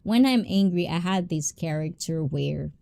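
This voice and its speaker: Woman chatting on her stream, super animated, mellow tone, dry close sound. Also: lowish voice, normal speed, creaky, no room sound. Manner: animated, passionate, mixes English and Tagalog. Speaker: livestream host. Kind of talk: casual live-stream chat with viewers.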